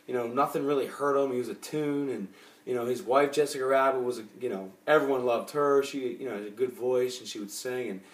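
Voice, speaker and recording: A man casually chatting about the movies he bought, rambling and restarting often, with lots of fillers. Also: medium pitch. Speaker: movie collector vlogger. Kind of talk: casual chat. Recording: roomy echo.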